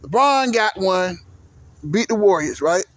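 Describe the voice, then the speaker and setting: A man ranting casually about basketball fans in a profane, animated way, often tagging his points with "right?". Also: high-pitched, a little slow, no echo. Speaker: vlogger, sports commentator. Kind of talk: casual ranting sports talk. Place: sitting at home doing laundry.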